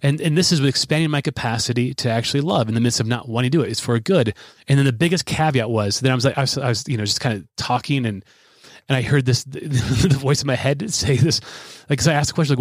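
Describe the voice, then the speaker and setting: Speaking fast in a mid-range voice, a man in his thirties hosts a casual podcast with no room sound. His long story wanders, full of self-deprecation and frequent restarts.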